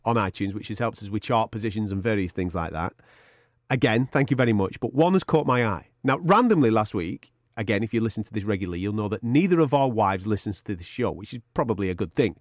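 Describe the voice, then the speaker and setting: A man's voice: lowish voice, lively intonation, fast talker, dry recording, clean studio sound. A man co-hosting a podcast in casual, sweary banter, often laughing. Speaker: podcast co-host.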